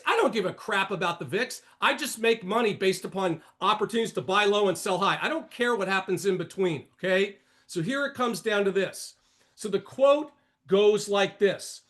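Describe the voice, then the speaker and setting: An older man with a notably high, slightly bright voice hosts a trading session at a moderate pace. Expressive and blunt, he lectures with animation, jumping between warnings and asides in a sermon-like monologue.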